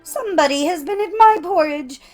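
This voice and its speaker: Woman doing a shrill little bear cub. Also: fairly quick, soft background music. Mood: indignant. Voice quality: sharp, shrill squeak. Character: tiny young male bear, shrill and upset.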